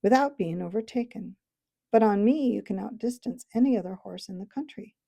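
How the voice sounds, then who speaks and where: A haughty talking warhorse, voiced by a woman reading aloud, lecturing briskly in a warm, husky, slightly gravelly voice. A proud male steed from a storybook. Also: mid-range voice.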